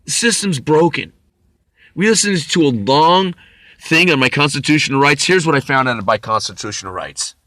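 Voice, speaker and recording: A man's voice: a little high, lively intonation, moderate pace, bright, forceful tone, no room sound. A middle-aged man telling a personal story as a bitter, intense monologue, swearing often and stumbling over restarts. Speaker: vlogger.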